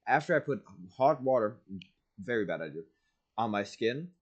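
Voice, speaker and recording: Lively young man telling a stream story. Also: mid-range voice, moderate pace, slightly rough, muffled recording. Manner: animated, swings between loud bursts and mumbling asides; casual, peppered with "like" and "blah, blah". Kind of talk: casual storytelling on a live stream.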